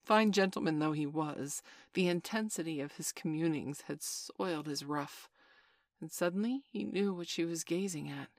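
A woman reading a children's classic aloud in a measured, expressive storytelling manner. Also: deep voice, no room sound, clean studio sound. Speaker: narrator. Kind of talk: audiobook narration.

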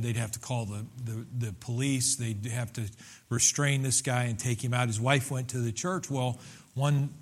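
A male pastor preaching a sermon in a loose, conversational way, with many restarts and fillers and bursts of emphasis. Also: mid-range voice.

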